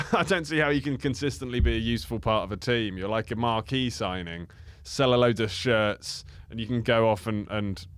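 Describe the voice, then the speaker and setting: Man, podcast guest, casual rambling chat, mid pitch, dry close sound. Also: normal speed, clear, resonant tone, no room sound. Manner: chatty, rambling, laughs at own tangents.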